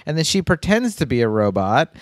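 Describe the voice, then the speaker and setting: A man in his thirties co-hosting a casual podcast, excitable and profane, slipping into quick impressions. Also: mid-range voice, no echo, studio quality. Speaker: podcast co-host.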